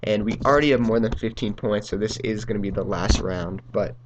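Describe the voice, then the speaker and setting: A man's voice: lowish voice, fairly quick, dull audio, background noise. Rambling young man telling a story. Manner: rambling, full of ums and uhs, laughs through lines. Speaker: gaming channel host. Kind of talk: casual storytelling over gameplay.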